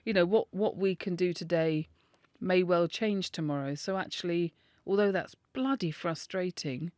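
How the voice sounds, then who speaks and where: A woman's voice: on the low side, normal speed, a little mellow, no echo, clean studio sound. A woman co-hosting a podcast in a casual chat, talking in a chatty way, laughing often and swearing freely. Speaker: podcast co-host.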